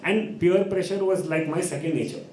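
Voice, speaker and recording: A man's voice: sits high, normal speed, echoey room, heavy background noise. Man telling a story on an open mic stage. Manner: animated storytelling, acts out voices, laughs often. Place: live open mic venue.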